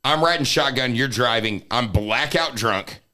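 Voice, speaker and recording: A man's voice: medium pitch, a little slow. A male comedian guest in casual podcast chat, telling stories with lots of laughter and swearing. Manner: animated storyteller, laughs often; swears freely.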